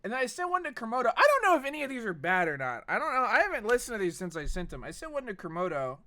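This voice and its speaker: A man's voice: very high-pitched, wildly swooping pitch, very fast, pushed and bright. A man streaming a game, chatting casually in a rambling, profane way. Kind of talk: casual chat while gaming.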